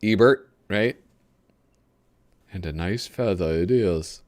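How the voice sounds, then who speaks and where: A man's voice: low-pitched, takes it slowly, a little mellow. A male host giving casual live commentary while flipping through a magazine. He rambles, gropes for names and chuckles often.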